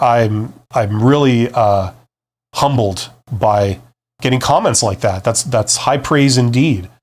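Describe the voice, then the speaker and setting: A man hosting a live-stream Q&A, giving career advice in a conversational, emphatic way and answering viewer comments. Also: medium pitch. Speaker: career advice host, former CEO.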